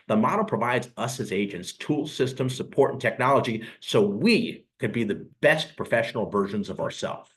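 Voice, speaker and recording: Man in his 60s with a low voice, recruiter pitching on a call, sincere and personal. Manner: earnest, personal storytelling with emotional pauses. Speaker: real estate recruiter. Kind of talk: sales presentation on a live call.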